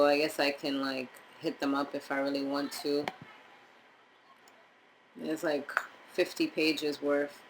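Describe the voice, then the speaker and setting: A young woman from Montserrat chatting casually as a vlogger, rambling with animated asides. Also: low-pitched, a little hiss or hum, low-quality recording. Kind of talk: casual chat reviewing DNA results.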